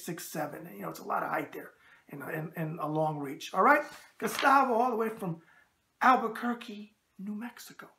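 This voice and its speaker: A man's voice: a little high, creaky, sharp tone. A brash man with a New York accent, hosting a boxing show and answering viewer emails with catchphrases and wisecracks.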